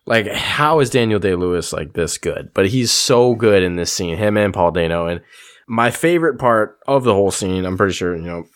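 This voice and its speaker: Man, podcast co-host, casual film chat, profane, slightly low voice. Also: normal speed. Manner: animated, swears often, many fillers.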